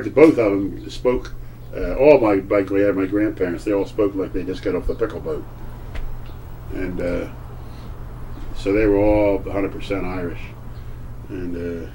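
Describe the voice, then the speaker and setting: An older man, a grandfather, telling family history in a halting way, often searching for words and repeating himself. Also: low voice, warm tone. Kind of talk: casual storytelling at home. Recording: distant old home recording with faint hiss.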